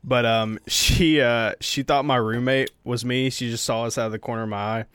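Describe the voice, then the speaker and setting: A man's voice: mid-range voice, fairly even intonation, moderate pace, a bit bright, smooth, dry recording, clean studio sound. A young man telling jokes and laughing through casual banter. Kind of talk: casual chat.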